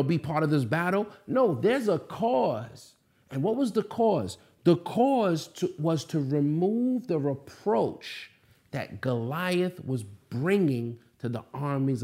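A man preaching a sermon, building emphasis through repeated rhetorical questions and dramatic slowdowns. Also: on the high side, darkish tone. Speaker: pastor.

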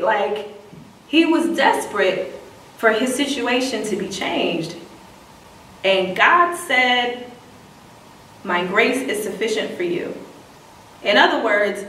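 Woman preaching in a roomy echoey space, mic a bit far, slow and emphatic with slangy asides, faint room noise. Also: fairly high pitch, lively intonation, a bit bright. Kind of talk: sermon.

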